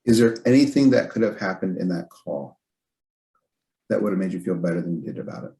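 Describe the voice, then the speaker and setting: A man's voice: low-pitched, expressive, fairly quick, dark tone. A man hosting a podcast, chatting in a reflective, hesitant way with many fillers. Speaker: podcast host. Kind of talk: casual chat.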